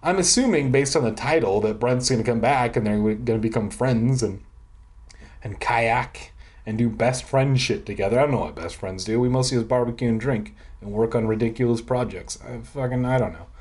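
A man's voice: mid-range voice, moderate pace, darkish tone. A young man hosting a read-aloud of children's horror books, slipping in sardonic, profane jokes. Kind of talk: comedic read-aloud with irreverent asides.

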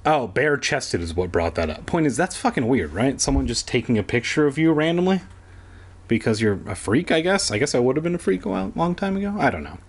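Male comedy host, husky voice, animated sarcastic read-aloud with crude asides. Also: medium pitch, fast, hardly any pauses. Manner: sarcastic, swears in asides, breaks off to laugh. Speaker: podcast host reading a kids' book aloud.

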